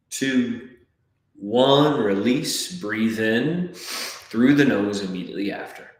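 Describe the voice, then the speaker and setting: Man, breathwork coach, slow unhurried cues, very echoey room. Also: fairly low pitch. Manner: calm, counts aloud, gives gentle step-by-step cues. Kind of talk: guided breathwork class instruction.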